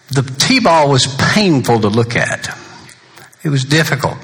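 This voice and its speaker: A man's voice: mid-range voice, pushed and bright. An older man, a pastor giving a funeral sermon, mixing folksy jokes about himself with solemn words of comfort. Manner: folksy, joking anecdotes between solemn points.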